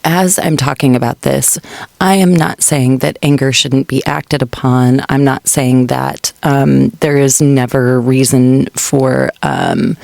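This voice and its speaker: A radio host guiding a meditation show in a relaxed, unhurried way, pausing often with fillers. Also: medium pitch, gravelly, no room sound. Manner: unhurried, thoughtful, many fillers. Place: radio studio.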